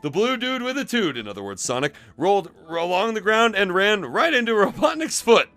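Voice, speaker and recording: A man's voice: high voice, sing-song, a little fast, fairly bright tone, soft background music. A man streamer giving a comedic dramatic reading of fanfiction with laughing asides.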